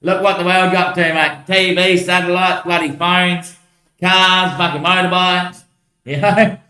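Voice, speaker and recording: Man, casual rambling chat, swearing, bright tense voice, a bit high. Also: little pitch movement, a little slow. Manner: loose, swearing, laughing between lines. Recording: roomy echo.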